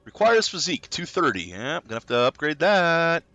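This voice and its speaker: Casting note: an excitable male streamer with a lively, bright voice and a dry, close sound. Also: on the high side, a little fast, dry recording, dull audio, soft background music. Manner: excitable, chatty and exclaiming. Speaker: gaming streamer. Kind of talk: casual game commentary.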